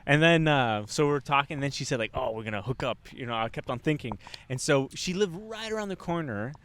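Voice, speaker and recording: A young man rambles through a story on a casual podcast, swearing freely and acting out what people said. His pitch sits a bit high and swings widely, and his voice comes through smooth and clear. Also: brisk. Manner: rambling, animated, swears a lot, acts out quotes. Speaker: podcast co-host. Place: Montreal.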